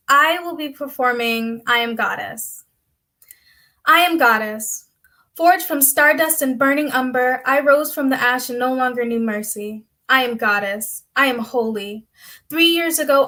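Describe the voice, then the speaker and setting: A woman reciting spoken-word poetry with intense, dramatic delivery. Her voice sits a little on the high side for a woman, and each line lands with deliberate weight. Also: pushed and bright. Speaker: poet competitor.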